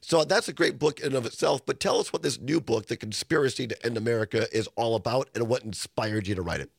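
A male radio host with a hoarse, congested voice. He talks casually and stumbles over restarts. His voice is gravelly and raspy, close and dry in a studio. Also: medium pitch, quick pace, dry recording. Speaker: radio talk show host. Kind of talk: casual talk radio chat. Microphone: studio microphone.

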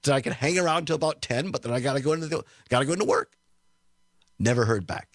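A man hosting a radio talk show, telling a story in a chatty, animated way, chuckling often and acting out what people said, from a studio. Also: mid-range voice, fast, no echo. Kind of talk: storytelling chat on air.

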